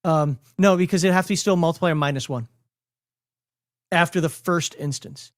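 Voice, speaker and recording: A man's voice: a little high, moderate pace, no echo, studio quality. Rambling Minnesotan man explaining rules. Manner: rambling, self-correcting, laughs often. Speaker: host explaining game rules. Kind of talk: casual livestream rules breakdown.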